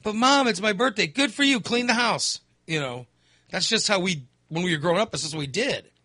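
A man's voice: high-pitched, animated, a little fast, bright, forceful tone, no echo. A man in his fifties, hosting and telling a candid, rambling story in casual chat. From Texas. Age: 50s. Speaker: host.

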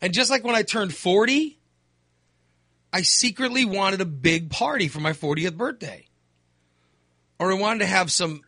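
A man's voice: high-pitched, sharp tone, no room sound. A man in his fifties, hosting and telling a candid, rambling story in casual chat. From Texas. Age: 50s. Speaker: host.

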